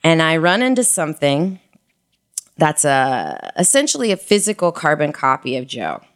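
A woman frankly telling a personal story in casual conversation, animated and full of slang. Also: low-pitched, moderate pace.

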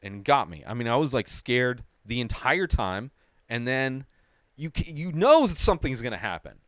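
A man hosting a movie review show, talking in an excitable, casual way, swearing freely and often asking "right?". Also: medium pitch, normal speed, no echo, clean studio sound.

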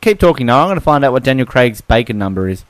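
A man co-hosting a podcast, chatting casually and jokily about films, with halting restarts. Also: mid-range voice, sing-song, no room sound. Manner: rambling, joking, halting restarts. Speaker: podcast co-host. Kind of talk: casual film chat.

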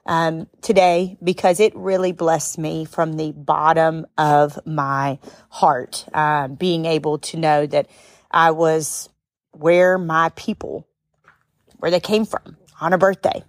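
Woman podcast host, middle-aged, expressive storytelling, lowish voice, dry close sound. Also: slow, no room sound. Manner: expressive, tearful at times, rising to high exclamations. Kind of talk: emotional storytelling monologue.

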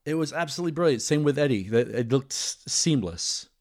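A man's voice: medium pitch, lively intonation, a little fast. A man hosting a podcast, chatting casually and enthusiastically, rambling with many restarts. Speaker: podcast host. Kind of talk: casual chat.

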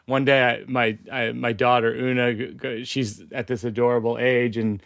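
A man's voice: medium pitch, level tone, moderate pace, gravelly, fairly bright tone, dry recording, clean studio sound. A man hosting a podcast, chatting casually and telling stories in a rambling way that keeps interrupting itself. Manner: rambling, self-interrupting storyteller. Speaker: podcast host.

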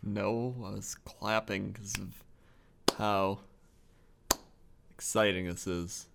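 A young man co-hosting a comedy podcast, laid-back and deadpan as he reads out the news items. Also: fairly low pitch, slow pace, creaky, very noisy. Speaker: co-host.

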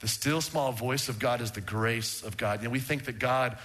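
A man preaching a sermon to a congregation, swinging from raised emphatic lines to hushed low words. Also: normal speed. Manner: rises in pitch for emphasis, drops to a hushed low tone. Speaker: pastor. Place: church sanctuary with congregation. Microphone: handheld or stand microphone.

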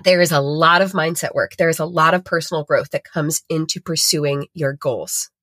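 A woman's voice: low voice, steady tone, normal speed, fairly bright tone, no echo. A woman hosting a podcast, talking earnestly and emotionally with lots of fillers as she motivates listeners. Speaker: podcast host and retreat facilitator.

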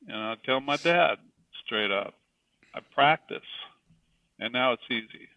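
Middle-aged guy telling his story all earnest and emphatic, gravelly, sounds far off. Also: medium pitch, expressive, measured pace, long pauses, no room sound. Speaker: guest. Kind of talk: personal storytelling in a faith interview. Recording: distant, tinny phone-like sound.

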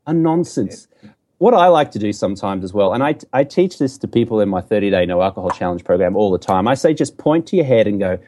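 Mellow-voiced Australian man, joking and emphatic. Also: on the low side, sing-song, quick pace. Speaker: podcast guest. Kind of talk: casual podcast conversation.

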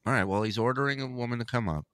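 A man's voice: medium pitch, very fast, fairly bright tone, smooth. Teasing, profane male podcast host. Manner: teasing, profane, laughs often. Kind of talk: casual comedic banter.

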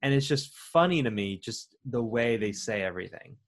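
A man's voice: medium pitch, animated, moderate pace. Amused man chatting about a film. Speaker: podcast co-host. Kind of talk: casual chat about a film.

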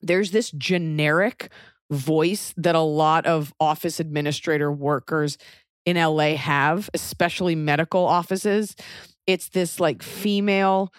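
A woman in her thirties tells a personal story in a loose, wry way, slipping into other people's voices. Her voice sits a little low for a woman, and the recording is dry and close, with no room sound. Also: steady tone, measured pace, smooth, no room sound. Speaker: guest telling a personal story. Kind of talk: casual storytelling.

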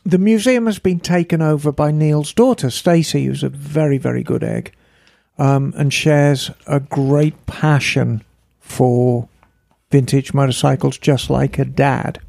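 Gravelly-voiced man chatting casually. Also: a little high, steady tone, unhurried, dark tone, dry recording. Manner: chatty, rambling storyteller. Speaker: podcast co-host. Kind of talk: casual chat.

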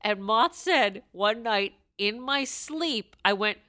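A woman chats on a podcast with a bright, forceful edge to her voice. Her pitch swings widely as she tells stories and breaks into loud, silly shouts. The sound is dry and close, with no room echo. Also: slow pace. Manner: animated, bursts into loud shouted voices and laughs. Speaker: podcast co-host. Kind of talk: casual chat.

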